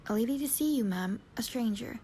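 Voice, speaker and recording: A woman's voice: a little high, animated, brisk, warm tone, close to an everyday voice. A woman with a stuffy nose reading the brief lines of a polite housemaid, with faint hiss behind her.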